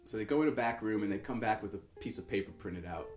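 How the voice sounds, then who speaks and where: Low-voiced young man rambling through a story. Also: fast talker, a little mellow, roomy sound, faint music behind. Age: 20s. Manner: rambling, self-correcting, acts out quoted voices. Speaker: musician telling a story. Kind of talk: casual storytelling.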